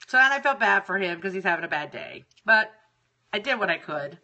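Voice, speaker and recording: Bright-voiced profane woman host. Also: medium pitch, moderate pace, pauses often. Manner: profane, exasperated, animated. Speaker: radio show host. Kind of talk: casual storytelling monologue.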